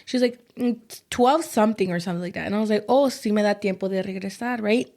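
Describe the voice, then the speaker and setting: A woman's voice: medium pitch, fast talker. Chatty bilingual woman telling a story. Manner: switches between English and Spanish mid-sentence, animated quoting of others. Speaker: podcast co-host. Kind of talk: casual storytelling chat.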